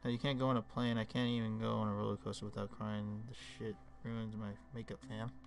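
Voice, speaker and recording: A man's voice: fairly low pitch, flat delivery, brisk, creaky. Joking young man chatting on a stream. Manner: joking, reads chat aloud, swears casually. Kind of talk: casual live-stream chat.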